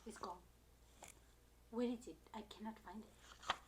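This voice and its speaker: A mother chatting off-camera with her child in quiet, half-whispered asides. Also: medium pitch, measured pace, heavy background noise. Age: adult. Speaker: parent chiming in off-camera. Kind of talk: casual family chat.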